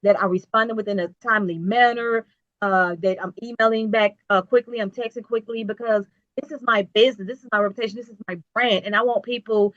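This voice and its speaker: Interview guest: woman, business owner, bright, dry dull lo-fi sound, emphatic motivational delivery. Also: medium pitch, fairly even intonation, fast talker, no room sound. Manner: emphatic, repetitive, preachy motivational. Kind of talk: casual interview talk.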